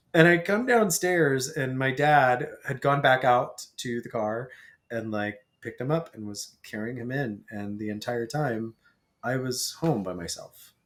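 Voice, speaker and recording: A man chatting as a podcast guest, telling a story in a lively way and acting out the lines of the people in it. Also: medium pitch, measured pace. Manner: animated storyteller who acts out quoted lines.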